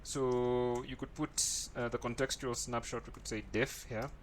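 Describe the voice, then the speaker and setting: With a medium pitch, little pitch movement and a measured pace, this man teaches a screen-recorded coding tutorial over a little hiss or hum. He thinks out loud as he types, frequently adding "right?".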